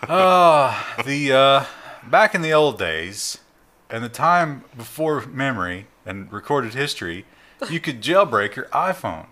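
Bright-voiced man hosting tech news banter. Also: mid-range voice, big pitch swings, measured pace. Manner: sarcastic, playful exaggeration. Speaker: news show host.

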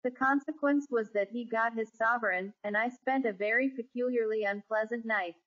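A woman narrating a classic ghost story in a measured, even storytelling manner. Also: on the high side. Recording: dull lo-fi recording.

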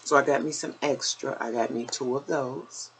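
A woman's voice: very deep voice, steady tone, normal speed, creaky, slight background noise, low-quality recording. An older woman vlogger chatting casually through a shopping haul, a little out of breath, calling her viewers y'all. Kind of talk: casual haul video chat.

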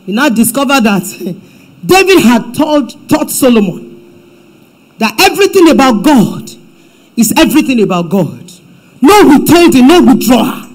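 Nigerian woman preacher, church sermon, emphatic delivery with hushed asides. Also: high-pitched, big pitch swings, a little slow, rough recording. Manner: emphatic preaching, swings from loud to hushed, mixes in Yoruba phrases. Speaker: pastor.

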